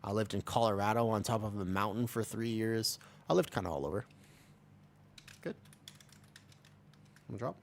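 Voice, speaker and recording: A man's voice: lowish voice, animated, normal speed, gravelly, long pauses, a little hiss or hum. A young man from America, streaming a game and chatting casually with viewers, rambling and joking as he answers chat. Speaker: livestreamer. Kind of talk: casual livestream chat while gaming.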